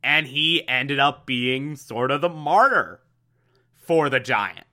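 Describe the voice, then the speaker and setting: A man's voice: mid-range voice, animated, slow pace, pushed and bright. A young man casually recapping a TV show, enthusiastic and repetitive, with lots of fillers. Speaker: TV recap host.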